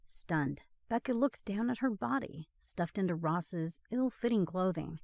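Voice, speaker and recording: A woman reads scripted story narration slowly and expressively. Her voice sits fairly high with a lively swing. The sound is dry and close. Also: no room sound.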